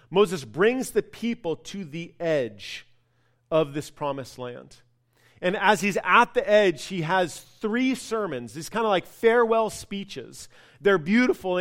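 A male pastor preaching a sermon in a conversational, animated storytelling way, with casual asides. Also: high-pitched.

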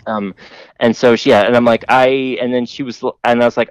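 A man's voice: level tone, fairly quick, smooth, no echo, poor audio. Man, casual podcast storyteller, rambling and profane, dry close sound. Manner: rambling, profane, mimics others in high voice. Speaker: podcast co-host telling a story.

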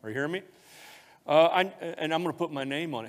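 With a fairly high, fast-talking voice, this pastor shares an emotional confession during his sermon, his tone rising as feelings take hold. The recording has a long hall reverb.

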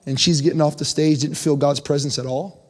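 A young man preaching a conversational sermon, his voice climbing in pitch when he presses a point. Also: steady tone, fairly quick. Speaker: pastor. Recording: long hall reverb.

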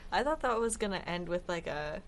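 A woman's voice: on the low side, big pitch swings, fairly quick, crowd noise. A young woman co-hosting a casual radio show, with dry, wry quips.

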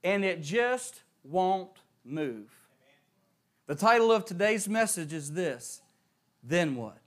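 A young preacher with a high voice delivers a sermon. He reads scripture and prays in a hushed way, then tells stories with mounting emphasis. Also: sing-song, takes it slowly. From West Virginia.

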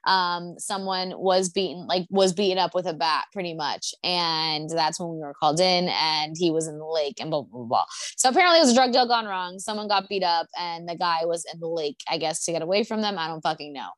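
A woman's voice: lowish voice, fairly quick, a bit bright, dry recording. A young woman telling a story in a casual chat at her apartment, rambling and swearing with lots of fillers.

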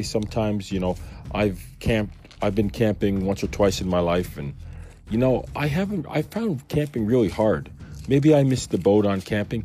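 A man's voice: on the low side, mellow, a little hiss or hum. A man giving a casual Bible commentary, musing and thinking aloud as he questions himself. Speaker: Bible study teacher.

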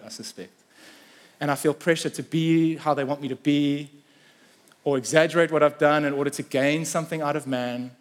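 Animated preacher, man. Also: fairly high pitch. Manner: animated preaching, rising to emphatic peaks; voices Peter's challenges in a raised, slowed voice. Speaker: pastor. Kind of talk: sermon.

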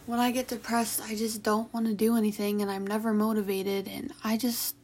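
Young woman vlogger, mid-pitch voice, emotional and halting, sighs between restarts. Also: little pitch movement, a little mellow, slightly rough. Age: young adult. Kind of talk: personal confessional talk.

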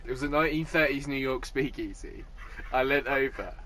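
A man co-hosting a podcast, telling a comic story in a lively, sweary, casual way and laughing as he goes. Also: mid-range voice, slight background noise. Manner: animated, sweary, quick to laugh. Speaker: podcast co-host.

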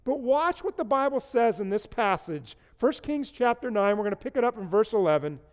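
High-voiced preacher man in a reverberant space. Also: sing-song, fairly quick. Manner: earnest, asks the listeners rhetorical questions and repeats key phrases. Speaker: pastor. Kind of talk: sermon to an online congregation. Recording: long reverb.

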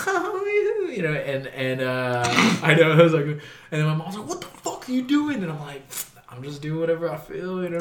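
Young dude chatting loose and candid, cusses a lot, kinda echoey room. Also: male voice, mid-range voice, a bit bright. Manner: candid, laid-back, swears freely, says "dude" a lot. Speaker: metal vocalist, podcast guest. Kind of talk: casual storytelling chat.

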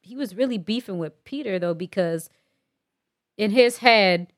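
A woman's voice: mid-range voice, unhurried, no room sound, clean studio sound. A woman co-hosting a casual movie discussion, thoughtfully explaining plot points. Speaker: podcast co-host.

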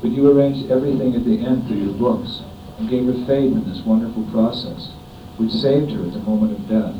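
In a distant, echoey and dull room recording with a faint rumble, a middle-aged American man reads out a devotional homage letter. He is a disciple, and he reads this written offering in a solemn, measured way.

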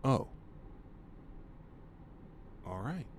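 A man's voice: medium pitch, sing-song, extremely slow, a little hiss or hum. A man voicing a cautious, polite male envoy who speaks hesitantly and formally. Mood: uneasy.

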